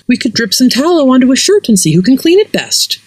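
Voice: sits high, very animated, a little fast, no echo, voice pushed up. A narrator voicing a giant green troll princess, a woman who is mocking and fierce, in a dry, close audio story. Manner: mocking, demanding.

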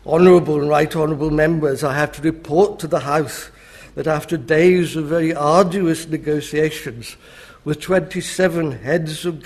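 A man doing an impression of a pompous wartime prime minister reporting to parliament in grand oratorical style. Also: a little high.

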